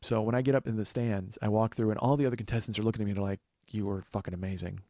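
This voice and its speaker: A podcast host tells a long personal story in a rambling, casual way, restarting often and acting out what other people said. His lowish, dark voice stays fairly even and moves very fast. The recording is studio quality, with no echo.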